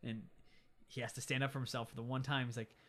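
A young man, a podcast co-host, casually retelling a movie scene by scene with lively quoted voices. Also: mid-range voice, fast talker. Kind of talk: casual movie recap chat.

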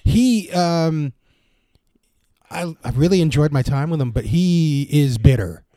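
A man who is a former wrestler, a podcast guest chatting casually and haltingly. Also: a little high, lively intonation, dark tone, dry recording. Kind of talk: casual chat.

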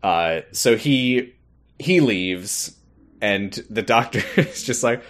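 A man's voice: fairly low pitch, lively intonation, slow, fairly bright tone. A man co-hosting a casual podcast, laughing often and acting out quoted lines in funny voices. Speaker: podcast co-host. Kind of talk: casual chat recapping a TV episode.

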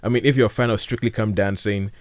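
A man hosts a casual chat about classic films, eager and rambling as he circles back over his points. His voice sits on the low side and the recording is dry and close. He keeps restarting his sentences as his thoughts run ahead. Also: steady tone, quick pace, dry recording.

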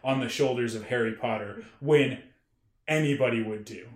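A man's voice: medium pitch, moderate pace. Rambling man chatting in an echoey room. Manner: rambling, animated, many restarts and fillers. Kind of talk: casual chat.

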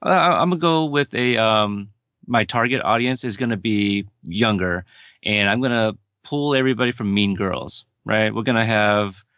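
A man's voice: lowish voice, normal speed, fairly bright tone, no echo, lo-fi sound. A man in his thirties co-hosting a casual movie chat, hesitant and restarting often. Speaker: podcast co-host.

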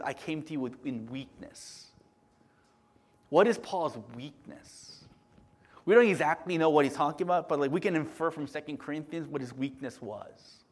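High-voiced animated male preacher. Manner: animated storytelling, swinging between loud bursts and hushed murmurs; frequent "right?" tag questions. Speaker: pastor. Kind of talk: sermon.

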